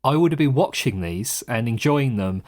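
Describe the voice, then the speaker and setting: A man's voice: mid-range voice, expressive, normal speed, a little mellow. A man in his thirties co-hosting a podcast in casual chat, laughing often as he talks. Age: 30s. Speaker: podcast co-host.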